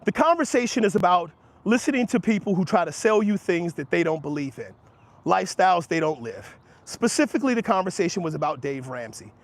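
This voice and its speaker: A man's voice: big pitch swings, a little fast. A man hosting a livestream, talking heatedly and emphatically to his chat, calling chatters by name and laughing off their replies while he argues about money. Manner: emphatic, argumentative, rising in pitch when making points. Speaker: livestream host answering chat. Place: outdoors near passersby.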